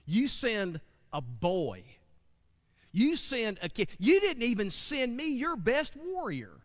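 A man's voice: very high voice, very animated, slow pace, long reverb tail, voice pushed up, exaggerated voice. A man voicing a boastful male giant warrior who mocks and taunts his young opponent, in a retold story. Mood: taunting. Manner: mocking, shouting taunts.

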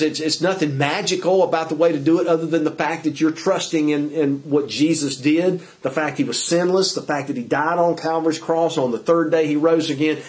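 A male preacher delivering a sermon with earnest urgency. His voice sits a little high for a man, and he stumbles, restarts and fills pauses as he presses his point. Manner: earnest, halting, with many fillers and restarts. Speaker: pastor.

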